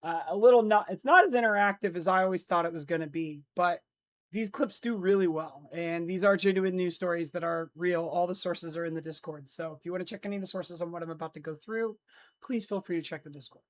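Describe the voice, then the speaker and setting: A drowsy livestream host who sounds like they just woke up, mixing casual chat with viewers and news read-outs. They stumble and restart sentences when they slip. The voice sits at an average pitch and comes through a noise-cancelled streaming mic. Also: brisk. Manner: groggy, restarts lines after slips. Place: indoor streaming setup in Los Angeles.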